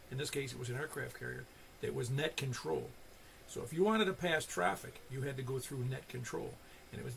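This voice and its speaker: A man's voice: mid-range voice, gravelly, a little hiss or hum. An older man hosting an amateur radio net, telling stories in a rambling, casual way full of restarts. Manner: rambling storyteller with many restarts. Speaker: net control host. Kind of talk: casual ham radio chat.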